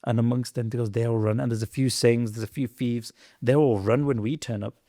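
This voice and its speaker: A man in a podcast chat who tells old history with earnest, sermon-like passion. His voice sits in a middle register, and he swings from loud, pointed emphasis to low, quiet asides. The recording is close and dry, with no room echo. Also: steady tone, a little fast. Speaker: podcast storyteller.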